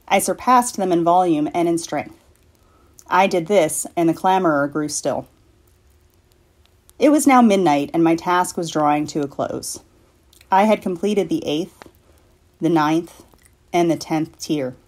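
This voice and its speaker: A woman from a library reading a classic story aloud in a measured, deliberate way. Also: on the low side, darkish tone. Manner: measured, deliberate, slowing for effect. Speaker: library staff reader.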